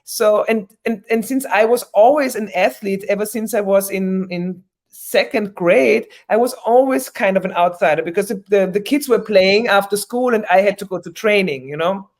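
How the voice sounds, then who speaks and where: A woman's voice: mid-range voice, normal speed. Woman on a podcast, chatty storyteller who restarts a lot and does little voices. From Germany. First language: German. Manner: animated storyteller, frequent restarts, mimics other voices. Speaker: guest. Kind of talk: conversational interview.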